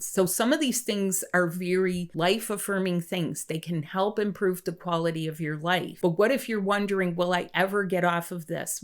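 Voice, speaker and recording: A woman with a fairly low voice talks as an energy healer, putting one question after another to the listener. Her delivery is calm and measured, like a one-on-one session. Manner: asks the listener a string of questions. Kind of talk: direct-to-camera wellness talk.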